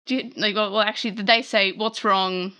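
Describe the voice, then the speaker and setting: Woman casually recapping a comic chapter, bright voice, chatty and animated. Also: medium pitch, quick pace. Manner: chatty, animated, self-correcting. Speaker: manga recap host.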